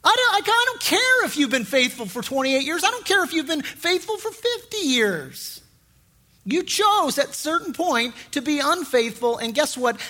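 A middle-aged man preaching a sermon as pastor, in a lively conversational way with frequent restarts. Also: extremely high pitch.

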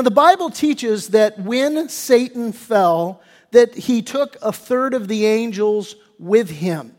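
A man's voice: extremely high pitch, in a large hall. A male pastor preaching a sermon in a church sanctuary, talking in a folksy, conversational way with stumbling restarts.

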